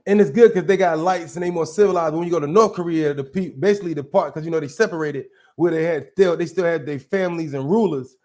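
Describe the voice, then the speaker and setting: A man's voice: on the high side, quick pace, hardly any pauses, mellow. A man hosting a casual commentary show, arguing bluntly and with profanity as he reacts to clips, often restarting his sentences. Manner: blunt, profane, argumentative, restarts mid-thought.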